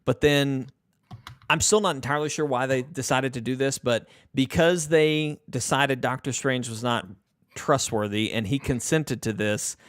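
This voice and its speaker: A man co-hosting a podcast, casually recapping a film plot in a relaxed, rambling way. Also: mid-range voice, normal speed, no room sound, clean studio sound. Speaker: podcast co-host. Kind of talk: casual movie recap chat.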